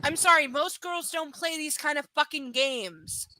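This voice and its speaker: A woman's voice: high-pitched, measured pace, bright, forceful tone, dry recording, poor audio. A woman reading a romance novel aloud to a live audience, breaking off for frank, profane asides. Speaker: live book reader. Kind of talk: live reading with blunt commentary.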